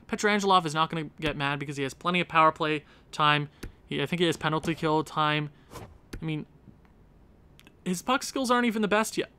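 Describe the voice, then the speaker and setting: A man's voice: fairly high pitch, brisk, sharp tone, a little hiss or hum. A young man hosting a hockey game let's-play, thinking aloud over lineup choices and talking at the players on screen with exasperated outbursts. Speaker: gaming channel host.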